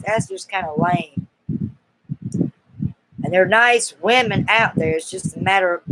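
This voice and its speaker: A woman's voice: mid-range voice, low-quality recording. A woman with a Southern US accent hosting a casual live-stream Q&A, chatty, folksy and teasingly coaxing her viewers.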